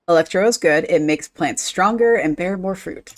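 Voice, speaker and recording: A woman's voice: lowish voice, normal speed, lightly acted. A woman voicing a demanding little village girl, reading game dialogue aloud.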